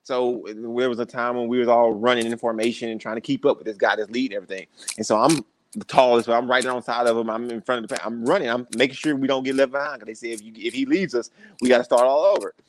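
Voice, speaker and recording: A man's voice: mid-range voice, fast talker, slight background noise. A young adult man, a podcast guest, telling stories in a casual interview and acting out the voices of the people in them. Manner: animated storyteller, acts out quoted voices.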